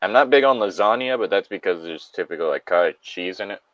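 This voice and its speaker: A man's voice: low voice, lively intonation, fast talker, fairly bright tone, no room sound, lo-fi sound. A man hosting a casual podcast chat, rambling and a little hesitant as he talks. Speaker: podcast host.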